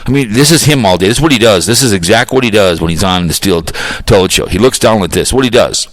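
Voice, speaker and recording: A man's voice: lowish voice, lively intonation, fast, no echo, low-quality recording. An older man hosting a podcast, arguing and ranting with crude, mocking insults. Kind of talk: heated argumentative rant.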